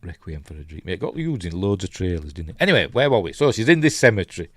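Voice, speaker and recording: A man's voice: sits low, big pitch swings, fast, dry recording. A Yorkshire man hosting a casual live film breakdown. He rambles, thinks aloud and reads out viewer comments. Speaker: film reviewer host.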